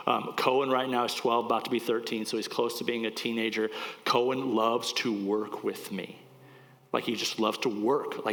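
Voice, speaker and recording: Medium-pitched and fairly bright, the voice belongs to a man in his forties preaching casually and wanderingly in church. Emotion sometimes chokes him up, and the long reverb of the church hall surrounds his words.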